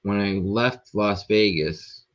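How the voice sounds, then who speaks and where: A man appearing as a podcast guest, telling a story in a rambling, profane, animated way. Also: on the low side, slow pace, muffled recording. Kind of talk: casual storytelling.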